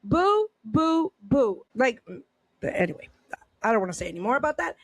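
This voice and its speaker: A woman's voice: medium pitch, lively intonation, quick pace, creaky, fairly bright tone, husky, no room sound. A woman hosting a casual podcast, reading news aloud and reacting with indignant rhetorical questions and many restarts. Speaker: podcast host.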